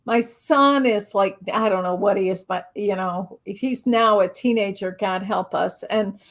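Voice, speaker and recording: A middle-aged woman, a spiritual teacher and author, telling a lively, self-mocking story as an interview guest and acting out her own thoughts. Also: medium pitch, a little slow.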